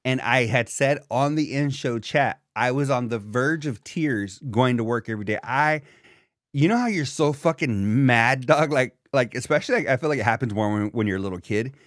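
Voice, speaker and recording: A man co-hosting a podcast in animated, profane casual chat, calling his friend "dog". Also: medium pitch, normal speed, no room sound, clean studio sound. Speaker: podcast co-host.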